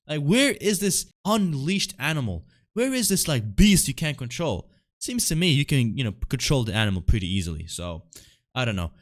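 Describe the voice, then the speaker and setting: A man recapping a wrestling show in a casual, frustrated rant, full of fillers and rhetorical questions. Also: medium pitch.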